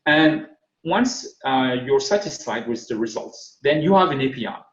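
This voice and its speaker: A man's voice: medium pitch, animated, normal speed. A man with a thick French accent giving a technical conference talk, hesitant with many fillers and restarts. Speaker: conference speaker. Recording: echoey, dull lo-fi sound.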